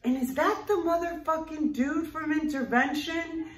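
A woman telling a personal story in a blunt, profane and animated way. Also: high voice, unhurried. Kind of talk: casual spoken memoir. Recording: roomy echo, distant mic.

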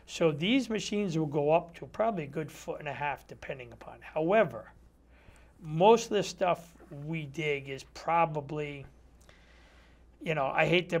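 A man who is a metal detectorist, a guest in a casual interview chat in a TV studio, telling stories, acting out dialogue and using many fillers. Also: on the high side. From Connecticut. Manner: storytelling, acts out quoted dialogue; chatty, many fillers like "you know". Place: community TV studio.

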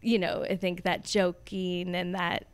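A woman who works in hospitality PR, talking as a podcast guest in a quick, agreeable, casual way. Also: lowish voice, flat delivery, clean tone. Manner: quick, agreeable, laughs easily. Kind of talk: casual conversation.

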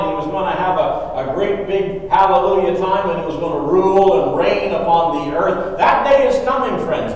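A man's voice: high voice, a little mellow. A man preaching a sermon in a church, emphatic and repeating his key phrases. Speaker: pastor. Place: church sanctuary. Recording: echoey church hall from far off.

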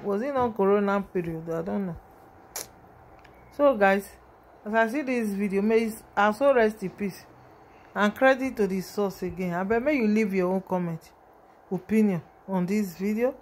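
A woman's voice: mid-range voice, normal speed, darkish tone, a little hiss or hum. A woman with a Nigerian accent giving an emotional, rambling vlog commentary on a video, often calling out to her viewers.

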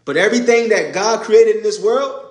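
A man's voice: high voice, animated, moderate pace, echoey room. A man preaching an informal sermon, emphatic and conversational, repeating his points. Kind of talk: informal sermon to a live audience.

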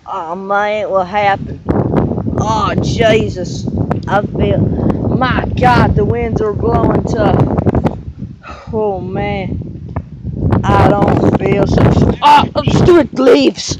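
High-pitched man yelling through a noisy skit. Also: very slow, long pauses. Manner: excitable, swings from yelling to mumbling. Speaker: video maker voicing all characters. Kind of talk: homemade skit, switching between character voices.

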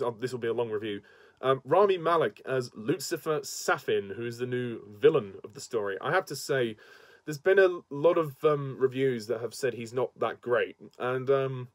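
A man's voice: medium pitch, dry recording. A man giving a casual, enthusiastic spoken movie review, chatty and laughing often. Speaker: film reviewer.

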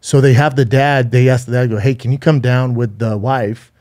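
A man's voice: medium pitch, fairly even intonation, normal speed, a little mellow. A man co-hosting a podcast, telling a true-crime story in a rambling, profane way with frequent restarts. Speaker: podcast co-host. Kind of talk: casual storytelling chat.

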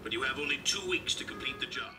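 A man's voice: mid-range voice, steady tone, normal speed, close to an everyday voice. A man voicing a stern older male railway boss in a storybook reading, speaking firmly. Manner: stern, firm. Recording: roomy, distant, loud music behind.

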